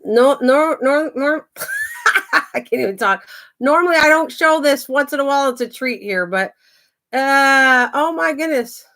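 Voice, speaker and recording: A woman's voice: high voice, lively intonation, normal speed, a bit bright. Chatty older woman rambling to camera. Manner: chatty, rambling, talks to her pets. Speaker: craft and garden channel host. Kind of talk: casual chat to camera.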